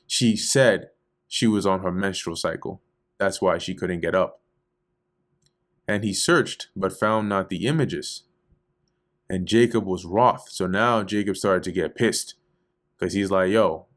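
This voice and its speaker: Low-voiced man reading and explaining scripture. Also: unhurried. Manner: reads archaic verses, then explains them in loose slangy paraphrase. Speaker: Bible study teacher. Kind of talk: casual scripture reading and commentary.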